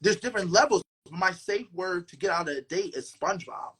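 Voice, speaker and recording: A man hosting a casual podcast chat, dramatic and sassy in the way he talks. His slightly husky voice swoops up and down with lively expression. He talks loudly and with a lot of attitude. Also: sits high, brisk. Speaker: podcast host.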